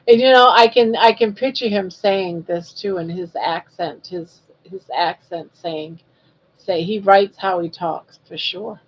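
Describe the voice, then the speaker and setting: A woman's voice: medium pitch, fairly even intonation, unhurried, dull audio. A woman in her sixties hosting a casual live stream, chatting and reading viewer comments aloud in a teasing, friendly way. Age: 60s. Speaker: live-stream crochet host.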